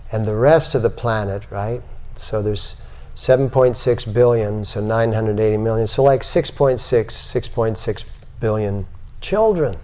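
A man's voice: fairly low pitch, measured pace, dark tone. A man giving a spiritual lecture to a live audience, asking many rhetorical questions.

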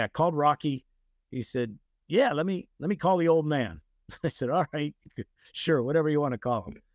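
An older man from the United States, a guest telling a lively anecdote in casual conversation, often acting out the voices of the people he quotes. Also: medium pitch, no room sound, studio quality. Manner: animated anecdotes, acts out quoted voices, frequent "you know". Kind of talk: casual storytelling.

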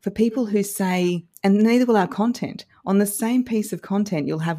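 A woman's voice: mid-range voice, fairly quick, few pauses, warm tone. A woman giving encouraging advice as a podcast guest, with a polished, broadcast-trained delivery. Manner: upbeat, encouraging. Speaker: guest social media coach.

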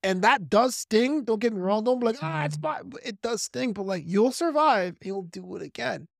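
A man from New York with a softened Brooklyn accent, a comedian guest on a podcast, talking fast in an animated, practiced radio-style way. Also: high-pitched, creaky, dry recording, studio quality. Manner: self-described fast talker. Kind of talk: podcast interview.

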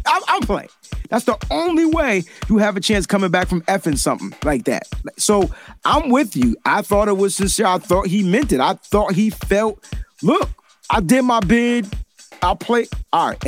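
A man hosting a casual sports talk show, talking in an animated, emphatic way and repeating his points. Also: high-pitched.

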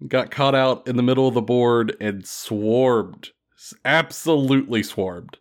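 A man's voice: mid-range voice, measured pace, hardly any pauses. A man hosting a casual gaming podcast, telling stories playfully with many fillers. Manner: animated, playful storytelling with lots of fillers. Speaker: podcast host. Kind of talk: casual tabletop gaming chat.

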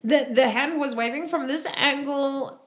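A woman's voice: high voice, a little slow, a bit bright. A woman running a tabletop role-playing game, narrating casually with frequent fillers. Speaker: game master.

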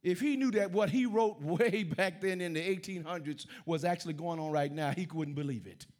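Man, high voice, sermon, loud then hushed, repeats phrases. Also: moderate pace. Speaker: pastor.

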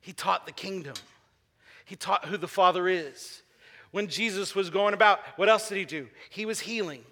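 A man preaches to his congregation in a high, bright voice, often asking questions and waiting for answers. He drives points home by repeating short phrases several times. His voice rings with the long reverb of a large church hall. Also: normal speed. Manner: repeats key phrases for emphasis. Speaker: pastor. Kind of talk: sermon. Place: church sanctuary.

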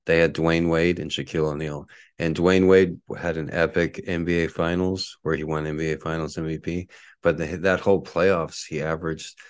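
A man's voice: extremely low pitch, clean tone, dry recording, studio quality. A man hosting a solo sports podcast from his apartment, rambling with lots of fillers. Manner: angry ranting at a neighbor outside. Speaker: podcast host. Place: apartment at home.

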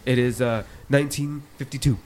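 A man's voice: medium pitch, fairly even intonation, brisk, darkish tone, lightly acted. A man playing a hyper, jittery 1950s man with a violent streak who blurts and repeats himself, in an improvised comedy sketch.

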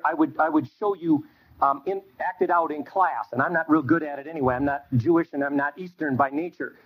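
A man teaching a Bible class, telling stories in an animated way and acting out bits of dialogue. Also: fairly high pitch, breathy edge. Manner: animated storytelling with quoted dialogue. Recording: dull lo-fi recording.

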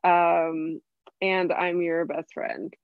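A candid, rambling woman from San Diego talks as a guest chef, her voice sitting slightly low. Her sound is muffled and dull, recorded close and dry without room echo. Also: steady tone, drawn-out words. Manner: candid, rambling, laughs often and swears. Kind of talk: casual conversational interview.

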